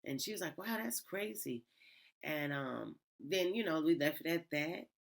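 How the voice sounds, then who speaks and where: A woman's voice: sits low, moderate pace, creaky. A woman hosting a channel where she reads Reddit stories, chatting casually and rambling with fillers and laughs. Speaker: host reading Reddit stories. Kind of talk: casual storytelling.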